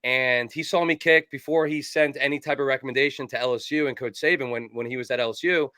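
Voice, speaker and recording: A man in his forties from New Jersey rattles off his stories at a quick clip, rambling and animated and full of fillers. His voice is bright and forceful, recorded close and dry. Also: mid-range voice, clean tone, no room sound. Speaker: kicking coach and guest. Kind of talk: casual storytelling in an interview.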